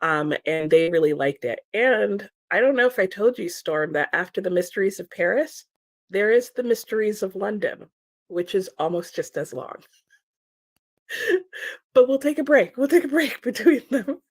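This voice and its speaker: A woman's voice: medium pitch, lively intonation, moderate pace, dry recording. A woman hosting a livestream in casual chat, reading out viewer comments, still sleepy, giggling and stumbling over her words. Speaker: livestream host.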